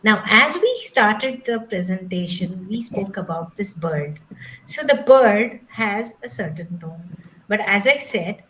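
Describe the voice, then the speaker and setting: A woman leads an online training session over a video call. She speaks slowly and patiently, explaining each step. English is not her first language, and her pitch sits in the middle range. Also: animated, a bit bright, a little hiss or hum, low-quality recording. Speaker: trainer teaching English pronunciation.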